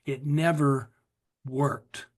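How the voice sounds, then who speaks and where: A man's voice: medium pitch, fairly even intonation, very slow. A middle-aged American man telling his recovery story in earnest, confessional form at a meeting, acting out what his past self said. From USA. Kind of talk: personal testimony at a recovery meeting.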